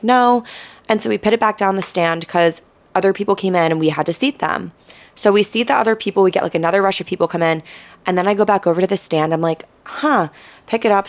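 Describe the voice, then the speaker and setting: A young woman with a New Jersey accent tells stories on her podcast, chatty and loose, tossing in "um" and "right?" as she goes. Her voice sits a little low for a woman. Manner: chatty, with many "um"s and "right?" tags. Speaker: podcast host. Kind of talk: casual storytelling monologue.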